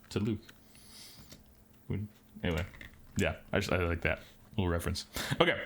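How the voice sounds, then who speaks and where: Man, podcast host, lowish voice, halting, lots of fillers, casual chat. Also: fairly bright tone. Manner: hesitant, many fillers and restarts. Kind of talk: casual podcast chat, reading episode summaries.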